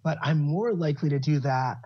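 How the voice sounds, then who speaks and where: A man's voice: a little high, a little fast. A man in casual podcast talk, laid-back and swearing freely. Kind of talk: casual chat. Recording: dull, slightly muffled audio.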